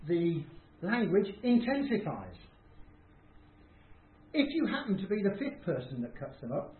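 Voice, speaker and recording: A man giving an informal, conversational talk, self-deprecating and acting out people's reactions as he speaks. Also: high-pitched. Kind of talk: informal talk to a small group. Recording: tinny, roomy, faint hiss.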